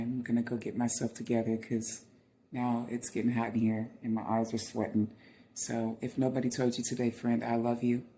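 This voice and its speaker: A man's voice: mid-range voice, warm tone, a little hiss or hum. A man hosting a reaction video, speaking heartfelt to viewers as friends and easily moved to tears. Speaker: channel host. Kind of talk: reaction commentary on video clips.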